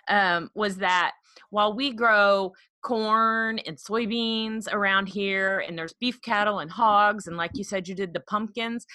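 Bubbly bright-voiced woman host. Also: medium pitch, no echo, clean studio sound. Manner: bubbly, excitable, teasing. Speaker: podcast host. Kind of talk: casual podcast chat. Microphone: podcast microphone.

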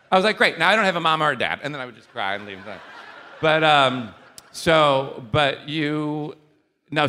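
A man hosts a relaxed interview, his voice bright and forward. He tells stories with lots of energy, breaking into laughter often and dropping the odd swear word. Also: mid-range voice. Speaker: podcast host. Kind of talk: casual interview chat.

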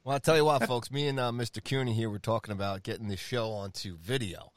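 A man's voice: lowish voice, fast, no room sound, studio quality. A man co-hosting a casual sports podcast, boisterous and teasing, prone to whoops and laughs. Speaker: podcast co-host.

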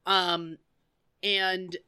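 A woman co-hosting a casual podcast, recapping a story with sarcastic, profane, animated chat. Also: fairly low pitch, very slow, clean tone. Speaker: podcast co-host.

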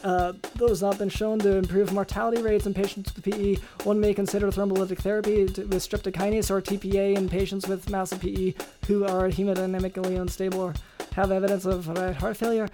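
A speaker slips into a put-on Irish accent while reading medical notes. The pace is fast and the pitch barely moves. Music plays faintly behind. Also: flat delivery, lightly acted.

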